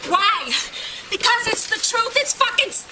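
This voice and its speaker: A woman defiantly yelling at police officers. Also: very high voice, animated, unhurried. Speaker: detained resident. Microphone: police body camera. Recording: noisy body camera audio.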